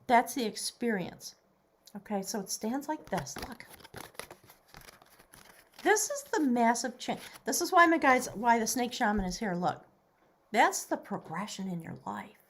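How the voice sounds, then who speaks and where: Animated woman giving a tarot reading. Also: fairly high pitch. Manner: animated, excitable, drops to whispers. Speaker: tarot reader.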